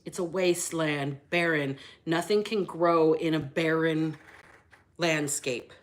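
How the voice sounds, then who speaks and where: A woman's voice: deep voice, fairly even intonation, takes it slowly. A woman hosting a casual tarot reading, brash and chatty, swearing freely and greeting her viewers. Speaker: tarot reader and channel host.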